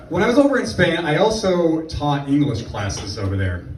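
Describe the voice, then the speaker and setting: A man's voice: a little high, huge pitch swings, moderate pace, a little hiss or hum. A man performing a stand-up comedy set, telling rambling, sarcastic stories with asides on a comedy club stage. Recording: echoey club room from far off. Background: audience laughter.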